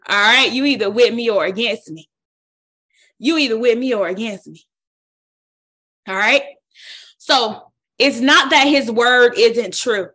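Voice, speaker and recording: A woman leading a Bible study, preaching with a lively exhorting style and colloquial speech. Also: fairly high pitch, slow, pauses often. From United States. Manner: exhorting, call-and-response, colloquial.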